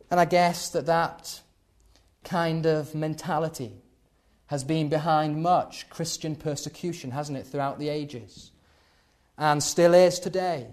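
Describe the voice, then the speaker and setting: A man preaching a sermon, building to loud emphatic peaks and then dropping low. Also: measured pace.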